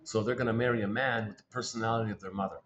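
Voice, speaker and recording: A man's voice: fairly low pitch, fairly even intonation, rapid-fire, a bit bright, highs cut off, a little hiss or hum. A man giving a rambling spoken talk on psychoanalytic ideas, repeating himself, restarting phrases and correcting himself as he thinks aloud.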